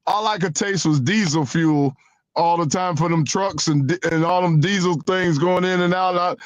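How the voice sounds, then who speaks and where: High-voiced man telling a stammering story. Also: moderate pace, dry recording. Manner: animated storyteller who stammers and repeats words. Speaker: radio show co-host. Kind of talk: casual sports radio storytelling. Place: radio studio. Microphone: studio microphone.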